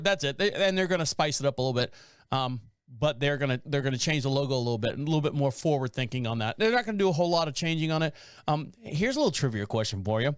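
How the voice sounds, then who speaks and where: A man's voice: a little high, clear, resonant tone, dry recording, studio quality. A man hosting a podcast, reading news stories aloud and riffing on them in a rambling, joking way. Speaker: podcast host. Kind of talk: casual podcast monologue.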